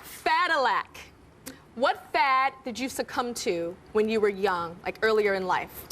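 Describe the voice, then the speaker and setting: A woman's voice: medium pitch, expressive, moderate pace, a bit bright, a faint crowd. A woman in her thirties hosting a talk show, playful and joking, laughing often. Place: TV studio with live audience. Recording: studio audience and noise behind.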